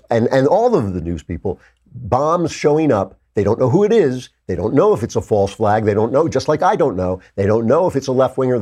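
A man hosting a political commentary show, delivering an animated, indignant monologue with sarcastic asides. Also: mid-range voice, breathy edge. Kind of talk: opinionated monologue.

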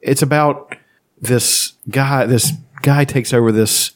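A man's voice: medium pitch, steady tone, takes it slowly. A man chatting casually on a podcast, rambling and swearing freely as he retells movies. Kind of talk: casual chat.

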